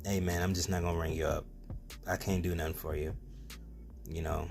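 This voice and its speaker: A man voicing a calm, unbothered store cashier as he retells a story. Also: normal speed, over music, natural voice. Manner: calm, low-key, unbothered.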